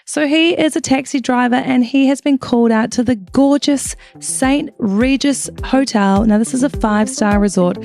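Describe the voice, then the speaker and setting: A woman's voice: high-pitched, normal speed, few pauses, a little mellow, soft background music. A woman co-hosting a true crime podcast, telling the story in a dramatic, chatty way with swearing asides, recorded in a hotel room. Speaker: podcast co-host.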